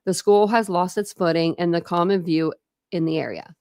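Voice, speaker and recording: A woman's voice: lowish voice, fairly even intonation, moderate pace, darkish tone, dry recording, studio quality. Chatty woman reading a book aloud. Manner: reads aloud, stops to chat, laughs and stumbles over words. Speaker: book reader and streamer. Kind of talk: casual live book read-through with commentary. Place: home room during a thunderstorm.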